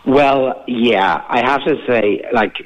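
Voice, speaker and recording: A man, a film director guest on a radio interview, speaking in an earnest, reflective and somewhat halting way. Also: medium pitch, dull audio.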